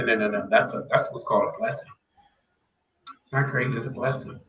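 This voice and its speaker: Man, podcast guest, earnest faith testimony, repeats himself for weight; echoey, dull remote audio with faint hiss. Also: medium pitch. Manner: earnest, faith-filled, repeats key phrases. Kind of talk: personal testimony.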